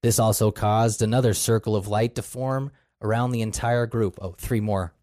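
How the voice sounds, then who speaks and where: A man co-hosting a casual podcast, reading passages aloud from a book and making crude deadpan jokes. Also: lowish voice, normal speed, dry recording, studio quality. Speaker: podcast co-host.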